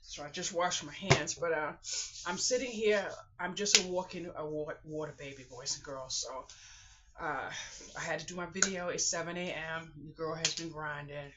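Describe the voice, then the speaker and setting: A woman's voice: sits low, steady tone, normal speed, muffled recording, heavy background noise. A woman vlogger talking to her viewers in a casual, heartfelt way, earnest and emotional, teary and sniffling as she speaks. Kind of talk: casual heartfelt talk to camera.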